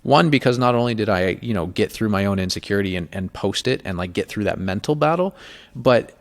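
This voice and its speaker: A man's voice: lowish voice, lively intonation, brisk. A man hosting a podcast, talking candidly and emotionally in a casual chat, swearing freely. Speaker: podcast host.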